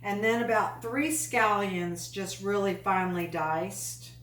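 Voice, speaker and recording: A woman's voice: medium pitch, slow pace, fairly bright tone, slight background noise. A woman hosting a home cooking show, chatty and enthusiastic, with folksy asides while she demonstrates recipes. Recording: echoey room, mic at a distance.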